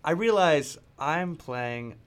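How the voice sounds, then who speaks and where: A man's voice: a little high, animated, slow pace, clear, resonant tone. A man in a theater cast, chatting earnestly and thinking aloud in a radio interview. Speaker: cast member of a youth theater show. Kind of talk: casual interview chat.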